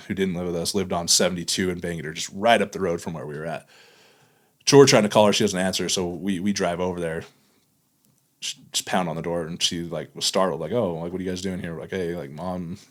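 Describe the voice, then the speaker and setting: A man with a notably low, deep voice speaks as a podcast guest in candid conversation. He tells his story in a halting way, leaning on fillers and restarting his sentences as he goes.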